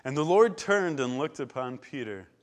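A preacher delivering a sermon in an ordinary mid-pitched male voice. He tells the story with drama, rising to loud declarations and then dropping to hushed, quiet passages. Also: lively intonation, moderate pace.

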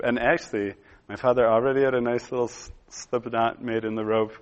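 A man in his thirties preaching, telling a personal story in a relaxed conversational way with lots of pauses and fillers. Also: mid-range voice, dull audio. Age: 30s. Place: room with a gathered audience.

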